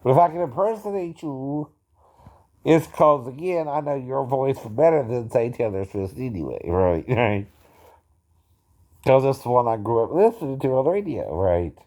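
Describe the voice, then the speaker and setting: In a laid-back talking-head video, an amateur impersonator walks through his singing impressions. His mellow, mid-range voice is animated and moves at a moderate pace, and he keeps tacking a quizzical "right?" onto nearly each phrase, laughing frequently with a touch of self-consciousness.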